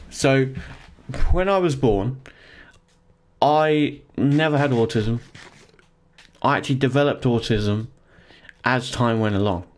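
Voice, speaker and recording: Streaming from his home office, a medium-pitched man keeps up casual chatter with his viewers as he plays. He jokes, rambles, and laughs frequently while addressing the chat.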